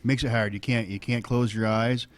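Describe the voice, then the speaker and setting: A man's voice: mid-range voice, flat delivery, moderate pace. A man in his thirties, a local stock car driver, chatting casually and rambling with lots of fillers. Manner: plainspoken, rambling with many fillers. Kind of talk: casual radio talk.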